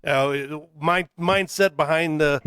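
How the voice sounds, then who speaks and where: A man's voice: fairly high pitch, slow pace, pushed and bright, smooth, no echo. A man co-hosting a casual talk show who asks questions in a playful, joking way. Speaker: co-host. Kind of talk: casual radio chat.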